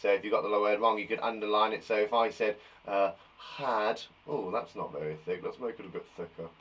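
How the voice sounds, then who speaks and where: A male teacher giving a cheerful, encouraging live spelling lesson to young children from a garden shed, saying each word slowly and clearly. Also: lowish voice, steady tone, fairly bright tone. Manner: cheerful, encouraging, slow and clear dictation of words. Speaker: primary school teacher.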